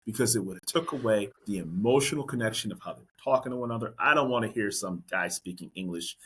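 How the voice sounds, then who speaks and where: A man's voice: fairly low pitch, pushed and bright, a little hiss or hum. A man hosting a casual podcast interview, chatty and rambling with a respectful tone. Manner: chatty, rambling, respectful, quick agreeing fillers. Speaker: podcast host.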